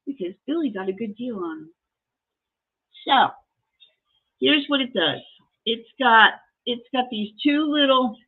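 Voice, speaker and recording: Host type: middle-aged woman, chatty seller and storyteller, slightly high voice, tinny phone-like sound. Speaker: host selling collectibles. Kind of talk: casual sales chat and storytelling.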